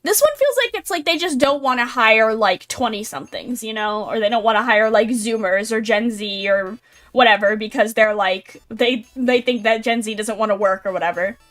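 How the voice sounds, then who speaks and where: A woman's voice: on the high side, normal speed, a bit bright. A young adult woman streamer giving casual, chatty commentary with lots of fillers and blunt, wry remarks.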